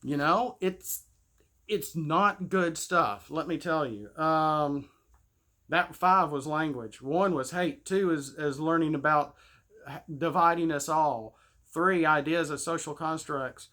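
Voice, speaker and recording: A man's voice: fairly high pitch, takes it slowly, pushed and bright. A man ranting in a casual monologue. He sounds preachy and indignant and often stammers and restarts his sentences. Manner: rambling, with frequent stammered restarts. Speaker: gaming channel host. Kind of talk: casual spoken rant.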